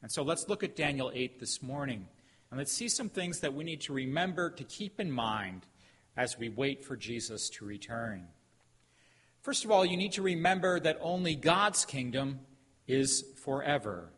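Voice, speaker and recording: A middle-aged man preaching a sermon as a pastor, telling a story with emphatic pauses. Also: mid-range voice, animated, a bit bright, breathy edge. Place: church sanctuary. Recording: hall reverb, faint background noise.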